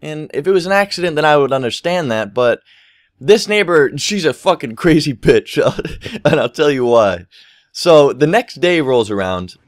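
A man's voice: on the high side, moderate pace, dry recording, studio quality. Rambling young man telling a story. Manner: rambling, swears freely, quotes people in animated voices. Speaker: gaming commentary YouTuber. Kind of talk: casual storytelling over gameplay.

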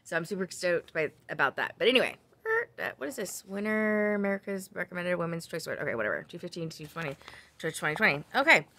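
Chatty woman, bright forceful voice. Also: lowish voice, sing-song, fast. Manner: chatty, rambling with side tangents; frequent ums and self-corrections. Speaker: crochet vlogger. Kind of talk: casual chat.

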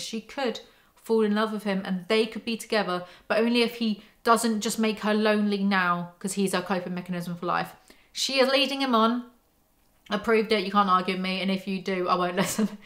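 Close to the mic, a young woman hosting a book breakdown vlog reads passages from a novel aloud, interrupting with sarcastic, exasperated remarks. Her voice is mid-pitched and everyday, fairly bright and steady in tone, at a moderate pace.

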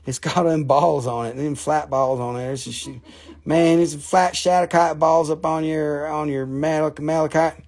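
A man's voice: on the high side, steady tone, a little slow, a little mellow. A man voicing a rowdy good-old-boy rock dealer in a Southern US accent, drawling and salty, ending his lines with "man.".

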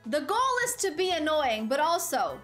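A woman's voice: high voice, animated, normal speed, fairly bright tone, faint music behind. A woman giving casual gameplay commentary as a streamer, rambling, correcting herself and talking to her chat. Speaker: gaming streamer.

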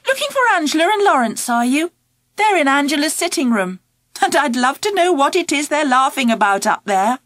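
A woman's voice: sits high, sing-song, normal speed, fairly bright tone, no room sound, clean studio sound. A woman voicing a friendly, chatty aunt greeting a child at the door.

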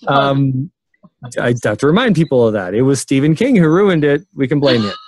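A man's voice: mid-range voice, expressive, normal speed, a little mellow, dry recording. A man in his sixties, a memory expert guest, talking casually in an interview with many fillers and restarts.

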